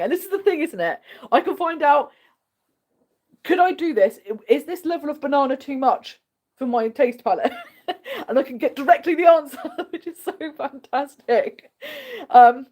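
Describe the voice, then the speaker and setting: A woman's voice: sits high, expressive, moderate pace, long pauses, darkish tone. An English woman hosting a casual livestream, chatting in a bubbly way and answering viewer comments. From England. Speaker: host.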